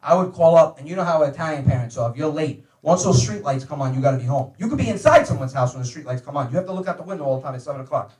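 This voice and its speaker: A man telling foul-mouthed family stories in an animated stand-up style, acting out everyone's voices. His voice sits high for a man, and the sound is roomy. The mic is well away from him. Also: rapid-fire, few pauses, recorded from a distance. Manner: profane, animated, acts out voices. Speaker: comedian guest telling stories. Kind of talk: stand-up storytelling.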